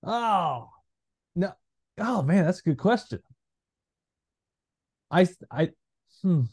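A man in his thirties, a former player co-hosting a podcast, talking in an animated, rambling way with lots of fillers. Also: high voice, slow pace, slightly rough, dry recording, clean studio sound. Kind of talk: casual chat.

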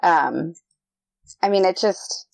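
A woman author chatting as a guest on a podcast, telling stories in a bubbly, animated way. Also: lowish voice, slow, gravelly, dry recording. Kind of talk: casual podcast chat.

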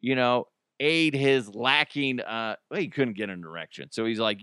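A man's voice: mid-range voice, normal speed, pushed and bright, clear, resonant tone, no echo, clean studio sound. A man hosting a comedic solo podcast, joking animatedly and laughing often. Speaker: podcast host.

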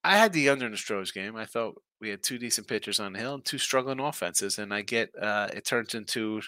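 A man hosts a sports betting picks live stream, chatting casually, rambling and thinking aloud as he reacts to viewer comments. His lowish voice is animated, a little fast and sharp, with no room sound in the recording.

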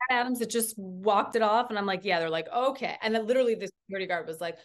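A woman in her thirties, a podcast guest, telling a story in a casual, animated way, full of "like" fillers. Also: mid-range voice, rapid-fire.

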